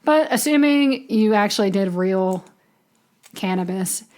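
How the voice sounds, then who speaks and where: A young woman co-hosting a laid-back podcast, talking frankly and reassuringly with some casual swearing. Her voice sits at a middle pitch for a woman. She explains things in plain, conversational terms. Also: lively intonation, a little slow, a little mellow. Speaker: podcast co-host. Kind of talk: casual chat.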